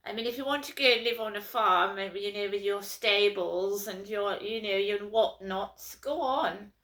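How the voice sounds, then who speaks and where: A woman's voice: mid-range voice, moderate pace, a bit bright. A woman from London, ranting in an aggrieved, repetitive vlog monologue. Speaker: vlogger. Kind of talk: casual to-camera monologue.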